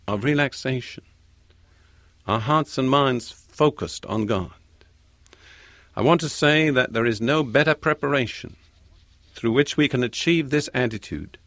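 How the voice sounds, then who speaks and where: A man preaching a sermon in a measured, deliberate way, repeating key phrases for emphasis. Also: mid-range voice, a bit bright, no echo.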